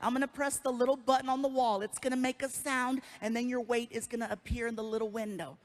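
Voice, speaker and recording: A comedian putting on a soft-spoken starstruck nurse. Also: female voice, on the high side, little pitch movement, quick pace, natural voice. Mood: instructing. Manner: gentle, polite, a bit starstruck. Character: nice soft-spoken female nurse, a fan.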